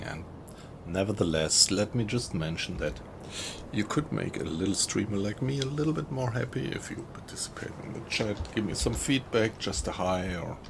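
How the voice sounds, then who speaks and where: Streaming a video game, a German-accented man chats casually with viewers, thanking them and laughing often. His voice is low with vocal fry, and the background is noisy.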